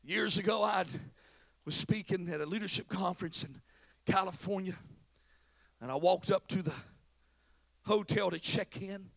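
A man pastor preaching a sermon, swinging between shouted exhortation and quiet, confiding storytelling. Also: high-pitched, normal speed, vocal fry, long pauses, no room sound.

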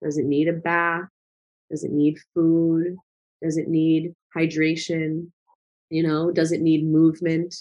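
A woman's voice: deep voice, flat delivery, a little slow, darkish tone, dull audio. A woman talking as a guest in a casual conversation, earnest and reflective, with lots of fillers. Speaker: guest, travel vlogger.

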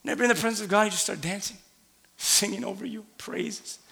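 A man preaching a sermon in a church, animated, laughing, and rising to shouts. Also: high-pitched, fast, vocal fry. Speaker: pastor. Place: church sanctuary. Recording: long hall reverb.

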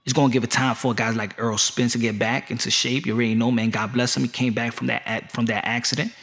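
A man's voice: mid-range voice, flat delivery, fast, a bit bright. A man ranting casually as a boxing vlogger, rambling and joking with plenty of swearing. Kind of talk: casual rant.

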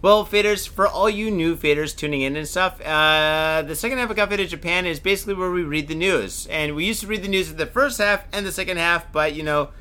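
A man's voice: a little high, fairly quick, hardly any pauses, sharp tone, clean tone. A man co-hosting a casual podcast, rambling and swearing a lot, a bit tipsy from drinking. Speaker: podcast co-host. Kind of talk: casual chat. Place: Tokyo.

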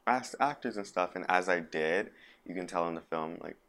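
A man's voice: sits low, moderate pace. A young man, a poet and actor, chatting as a podcast guest and acting out the voices of people he quotes. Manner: animated, acts out quoted voices of others. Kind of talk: casual interview conversation.

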